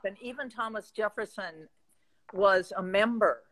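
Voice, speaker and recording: A woman with a Midwestern accent speaking reflectively as a guest in a live chat, pausing and restarting as she thinks. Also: mid-range voice, a bit bright, low-quality recording. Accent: American Midwestern.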